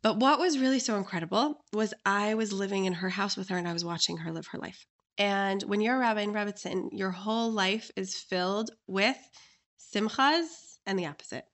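A woman telling her own story in a relaxed conversation, words tumbling out with plenty of "like" fillers. She talks at an ordinary middle pitch and slips into playful voices when she quotes people. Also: fairly quick. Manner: animated, lots of "like" fillers, acts out quoted voices. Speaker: life coach and interview guest.

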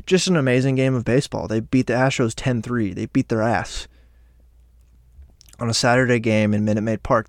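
A man casually recapping a week of baseball as a fan, animated and swearing freely, on a close microphone. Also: mid-range voice, no room sound. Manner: animated, profane, fan banter. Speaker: sports podcaster.

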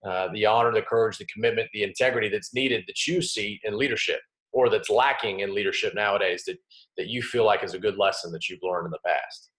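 Man, podcast host, low-pitched, halting, many fillers, roomy echo. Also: fairly bright tone. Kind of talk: conversational interview. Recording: roomy echoey sound.

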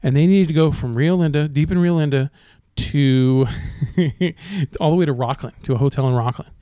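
A man's voice: a little high, moderate pace, mellow, clean tone, no echo, studio quality. A man in casual podcast chat, telling rideshare driving stories with lots of swearing and laughter. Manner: profane, laughing storyteller.

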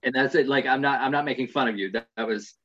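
Laid-back American male host, mid-pitched, slightly muffled recording. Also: fast, fairly bright tone. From United States. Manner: laid-back, rambling, swears casually. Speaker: podcast host. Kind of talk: casual interview.

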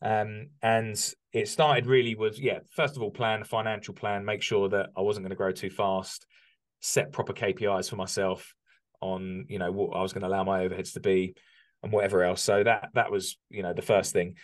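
Low-voiced reflective British man. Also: flat delivery, normal speed. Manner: reflective, many restarts and ums. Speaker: podcast guest, business owner. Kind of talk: candid conversational interview.

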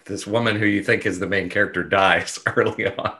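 A man's voice: fairly low pitch, steady tone, fairly quick, sharp tone, slightly rough. A man co-hosting a casual movie podcast, talking in an easygoing, rambling way. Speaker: podcast co-host.

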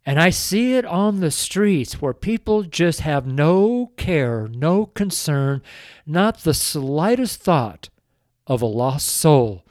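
A man's voice: fairly high pitch, a little mellow, no room sound, clean studio sound. An older man, a street preacher, giving an earnest, pleading sermon on a show, tearful and emotional. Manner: slow, earnest, pleading, with drawn-out emphasis.

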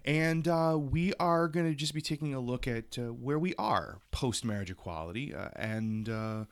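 A man co-hosting a podcast in casual chat, chatty and animated, with many fillers. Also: mid-range voice, normal speed, smooth. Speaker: podcast co-host.

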